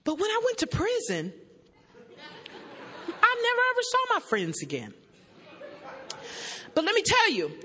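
A woman's voice: high voice, pushed and bright. Woman sharing a raw recovery story. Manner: raw, emotional storytelling with blunt humor; banters with the audience. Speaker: recovering alcoholic speaker at a meeting. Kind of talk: personal recovery testimony. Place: stage in a meeting hall before an audience. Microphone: stage microphone. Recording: echoey hall with long reverb.

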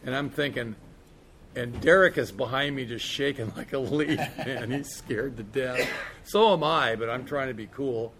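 A man's voice: medium pitch, a bit bright, a little hiss or hum. Casual, profane man telling a story. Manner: casual, profane, peppered with "man" and "you know". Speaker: speaker sharing his recovery story. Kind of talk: candid personal storytelling.

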